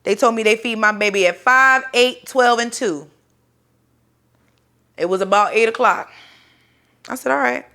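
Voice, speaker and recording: A woman's voice: fairly high pitch, measured pace, long pauses, bright, forceful tone. A young woman telling a personal story in casual talk, acting out the voices of other people and swearing freely.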